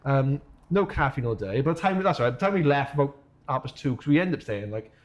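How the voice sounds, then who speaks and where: A man's voice: mid-range voice, animated, quick pace. A man with a Welsh accent, co-hosting a podcast, telling a running story with lots of swearing and laughter. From Wales. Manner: swears a lot, laughs while telling stories. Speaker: podcast co-host. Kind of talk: casual chat.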